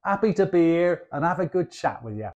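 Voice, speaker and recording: Man, Cockney accent, high-pitched, friendly, chatty guest. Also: lively intonation, brisk, a little mellow, muffled recording. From London, England. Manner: chatty, calls the host "love". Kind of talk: explaining in a friendly chat.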